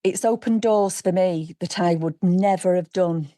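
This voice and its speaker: A woman's voice: lowish voice, measured pace. A middle-aged woman, telling her own story in a chat and acting out what people said. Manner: lively, animated retelling with acted quotes. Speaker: guest sharing her story. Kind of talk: conversational storytelling.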